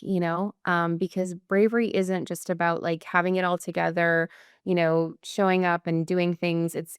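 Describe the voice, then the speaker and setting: Woman, podcast guest, earnest, rambling, filler-heavy, smooth resonant tone, dry close sound. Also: lowish voice, no room sound. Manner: earnest, speaks in loose rambling phrases with many fillers. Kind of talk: candid conversational interview.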